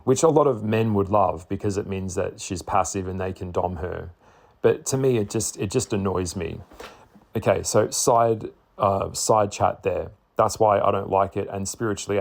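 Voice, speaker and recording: A man talking bluntly to camera in a casual monologue, swearing freely and stressing his points with slow, repeated words. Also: low voice, vocal fry. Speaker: spiritual vlogger.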